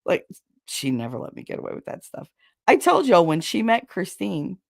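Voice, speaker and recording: Creaky-voiced woman telling frank stories. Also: on the low side, wildly swooping pitch, moderate pace, no room sound, studio quality. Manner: gossipy and frank, laughing often. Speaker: podcast host. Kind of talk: casual storytelling chat.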